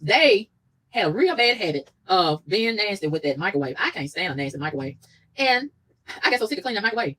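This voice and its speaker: Woman, husky, very fast, lively pitch, indignant storytelling rant. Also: poor audio. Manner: animated, indignant, quotes others in mock voices. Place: room in a shared house.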